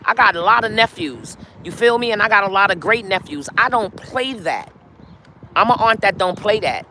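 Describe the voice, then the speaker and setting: A woman's voice: mid-range voice, animated, normal speed, sharp tone, slight background noise. A middle-aged woman hosting a casual live stream outdoors, chatting straight to her viewers. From New York. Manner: chatty, talks straight to viewers with lots of y'all. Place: outdoors on a city street.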